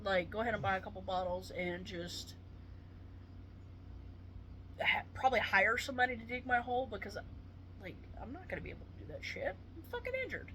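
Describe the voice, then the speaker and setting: A woman who is a retired paramedic, in pain and venting to camera with swearing and dark jokes. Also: mid-range voice, brisk, long pauses, a little hiss or hum. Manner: swearing, exasperated, darkly joking.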